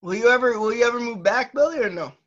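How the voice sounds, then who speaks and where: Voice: medium pitch, animated, fast talker, a bit bright, muffled recording. A host in casual chat who keeps the talk going with questions. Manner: curious, prompting questions.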